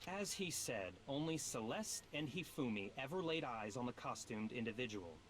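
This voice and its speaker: An actor voicing an arrogant, condescending rich teenage heir in a dubbed game, cold and lecturing. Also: male voice, mid-range voice, expressive, normal speed, fairly bright tone, close to an everyday voice.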